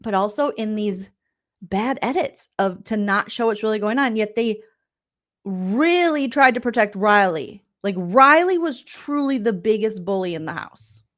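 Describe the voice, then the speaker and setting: A woman comedian recapping reality TV in a loud, profane, incredulous rant, laughing often. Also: medium pitch, animated, a little slow.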